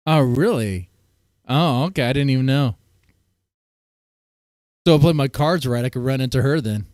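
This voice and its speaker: A man's voice: medium pitch, normal speed, a little mellow, dry recording, clean studio sound. A man streaming casually, reacting to clips in a blunt, rambling way and often breaking off mid-sentence. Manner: blunt, rambling, self-interrupting. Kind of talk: casual chat.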